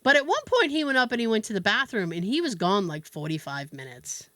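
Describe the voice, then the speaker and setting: A woman hosting a podcast, telling a story in a casual, animated way with laughs and swearing. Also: medium pitch, fairly quick, no echo. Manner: animated, laughing, profane, with fillers. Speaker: podcast host.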